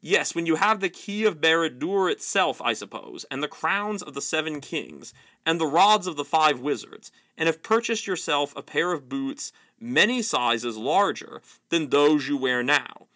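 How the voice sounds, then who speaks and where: Scornful old wizard, sneering and shrill, read by a man. Lively, bright delivery. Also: measured pace, no room sound, clean studio sound. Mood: furious. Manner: sneering and mocking, rising to a scream.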